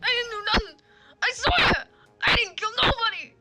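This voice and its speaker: A woman doing a terrified male convict from a courtroom game, wailing his innocence at the top of a shrill, piercing voice. He pleads frantically and can barely hold himself together. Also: lively intonation, normal speed, sharp tone, soft background music, exaggerated voice. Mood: frantic pleading. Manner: frantic pleading, double negatives. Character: panicky weeping male escaped convict.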